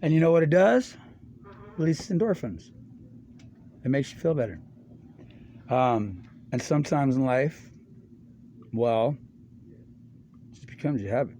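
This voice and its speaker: A middle-aged man talking in a rambling, stream-of-consciousness way. His voice sits at an ordinary pitch for a man. His speech is loose, full of slang and swearing, and hops from subject to subject. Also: expressive, a little slow, pauses often, warm tone, slight background noise. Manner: loose, slangy and profane, jumps between topics. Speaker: monologuist.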